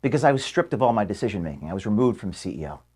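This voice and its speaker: A man, the founder of an organization, giving an earnest farewell speech to his staff in an office. He is emotional and halting, with restarts and pauses, and is being filmed. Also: lowish voice, very animated, a little mellow, husky. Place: office room at headquarters. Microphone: filmed by camera.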